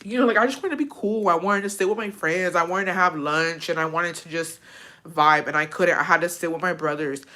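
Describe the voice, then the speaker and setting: A woman's voice: fairly low pitch, fairly quick, bright, forceful tone. A young woman casually telling a personal story, swearing often and getting emotional. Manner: profane, emotional, tearful at times. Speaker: vlogger.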